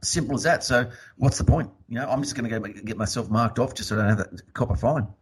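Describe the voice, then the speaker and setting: Man co-host, blunt and crude, a bit husky, medium pitch. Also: fast talker, low-quality recording. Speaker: podcast co-host. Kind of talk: casual talk.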